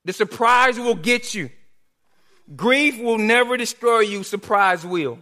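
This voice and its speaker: A man's voice: high-pitched, animated, slow pace, bright, forceful tone. A man preaching a sermon as pastor, earnest, with rhetorical questions and repetition.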